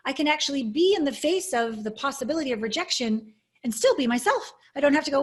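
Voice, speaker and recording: A woman coach answering interview questions over a video call. Her voice sits a little high, and her delivery is earnest, reflective and openly emotional. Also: expressive, fast. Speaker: intimacy coach, guest. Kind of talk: interview storytelling.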